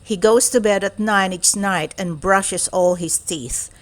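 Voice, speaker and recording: A woman reading a rhyming children's storybook aloud, expressive and sing-song in rhythm. Her voice sits at a middle pitch. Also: unhurried. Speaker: children's book reader.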